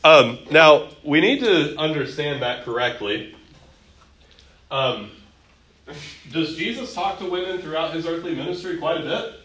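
A man's voice: fairly high pitch, unhurried, pauses often, roomy sound, poor audio. Bible teacher quizzing his class. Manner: lively, quizzing students and acting out quotes. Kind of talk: classroom Bible lesson with questions.

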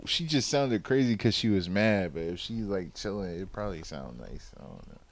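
A man's voice: low voice, lively intonation, normal speed. A man co-hosting a podcast, joking playfully and stumbling into restarts. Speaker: podcast co-host. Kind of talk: casual chat.

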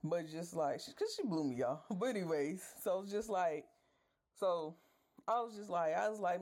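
A woman's voice: lowish voice, expressive, normal speed, a little mellow. A woman podcast host telling a story in a casual rant, exasperated, swearing freely and talking straight to her listeners.

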